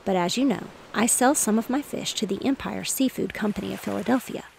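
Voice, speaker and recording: A woman reading the part of a cheerful, reassuring father in a bedtime storybook, with a slightly gravelly voice. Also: mid-range voice, brisk, a little mellow, slight background noise. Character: cheerful fatherly man, fish merchant.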